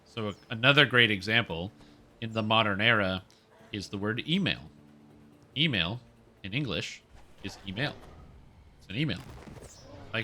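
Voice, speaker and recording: A man's voice: fairly low pitch, moderate pace, pauses often, bright, forceful tone, slight background noise. A young man from Canada streaming a game, chatting casually in a rambling way and answering his chat. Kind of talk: casual chat while gaming.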